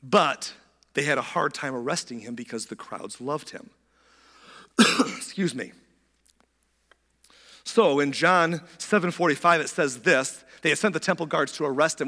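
Hoarse man preaching in a reverberant hall. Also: a little high. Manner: conversational preaching with expressive voiced quotes. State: hoarse from recent illness. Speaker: pastor. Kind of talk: sermon.

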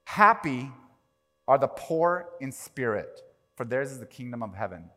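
A man preaching a sermon as pastor, animated, swinging from quiet to loud and acting out quoted prayers. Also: medium pitch, measured pace. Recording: long reverb of a large hall.

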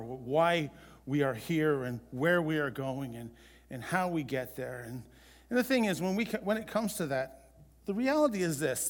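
A man preaching a sermon as pastor, in a conversational way with halting restarts. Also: mid-range voice, in a large hall.

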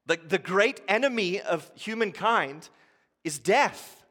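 A man preaching a sermon as a pastor, talking conversationally with frequent asides, then building to impassioned near-shouts. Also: a little slow. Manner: passionate, rising to near shouts at high points. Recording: long hall reverb.

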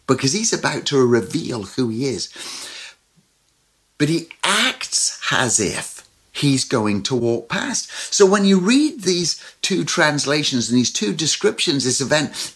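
Man preaching, husky, animated storytelling delivery. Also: fairly high pitch. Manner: animated, lively storytelling with sudden loud and soft turns. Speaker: pastor. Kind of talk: sermon.

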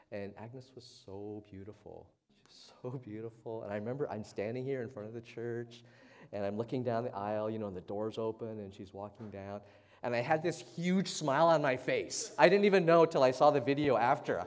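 A man preaching a casual, conversational sermon as the pastor in a church service, chatty and relaxed, often tossing in "right?" to the congregation. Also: mid-range voice. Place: church sanctuary during a service. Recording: long reverb of a large church hall.

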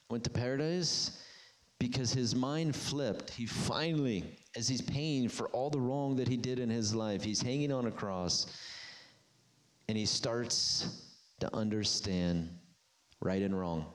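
A man delivering a sermon, reading scripture in a steady middle register. When he presses a point, his voice climbs high and carries with force. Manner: emphatic, rising to near-shouted peaks when stirred. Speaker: preacher.

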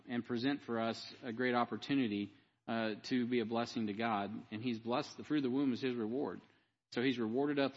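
A male pastor speaks to his congregation in a halting way, pausing often. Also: mid-range voice, dull audio. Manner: halting, many filler pauses. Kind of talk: church announcements. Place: church sanctuary.

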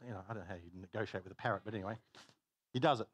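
A man preaching a sermon, telling stories in an animated way and laughing at his own jokes. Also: mid-range voice, racing, no room sound. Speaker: pastor.

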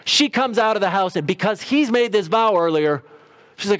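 A man's voice: high-pitched, lively intonation, normal speed, a bit bright. A middle-aged man preaching a sermon in a conversational storytelling way, briefly acting out quotes. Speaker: pastor.

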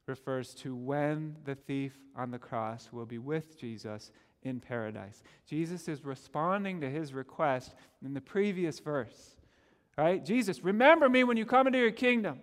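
A man preaching a sermon as pastor, earnest and animated, often stammering on repeated words as he pushes a point. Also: medium pitch, in a large hall.

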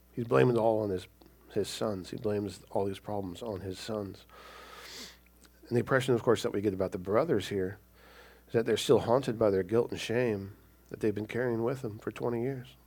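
Gravelly man preaching conversationally. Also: lowish voice, normal speed, darkish tone. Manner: conversational, keeps asking "right?". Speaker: pastor. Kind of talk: sermon.

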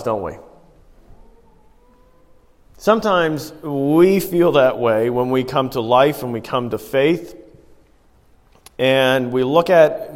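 A man preaching a sermon, telling everyday stories in a conversational way and putting rhetorical questions to the congregation. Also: medium pitch. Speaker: pastor. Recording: long hall reverb.

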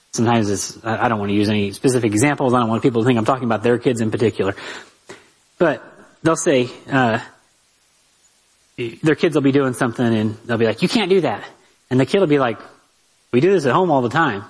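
Talking straight to his listeners, this man gives a lively, conversational Bible lesson about parenting, sprinkled with rhetorical asides. His voice is mid-range and husky, and the recording is rough.

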